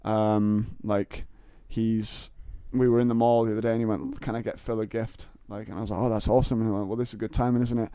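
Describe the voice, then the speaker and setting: A man's voice: fairly low pitch, little pitch movement, brisk, hardly any pauses, mellow, clean tone, no room sound, studio quality. A young man, a comedian and podcast guest, telling rambling stories in casual chat with lots of fillers and restarts.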